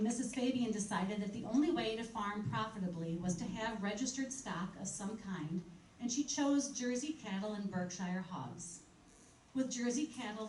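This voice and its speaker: A woman presents a museum history program, chatting easily between passages she reads aloud from old articles. Her voice has an ordinary middle pitch. She sounds distant from the microphone in a reverberant room, with a faint hiss underneath. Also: darkish tone. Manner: conversational, reading quotes aloud from old articles. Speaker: museum director giving a history talk. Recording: echoey room, speaker far from mic, faint noise.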